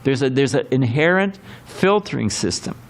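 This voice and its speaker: A man's voice: medium pitch, expressive, moderate pace. A man giving a temple scripture class in a rambling, conversational way, full of asides and acted quotes. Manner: rambling and conversational, many fillers and quoted voices. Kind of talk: temple sermon lecture. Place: temple hall.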